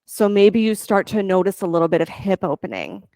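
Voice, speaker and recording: A woman yoga teacher leading a class, giving calm, encouraging step-by-step cues for breath and poses. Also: medium pitch, brisk, no echo. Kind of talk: guided yoga class instruction.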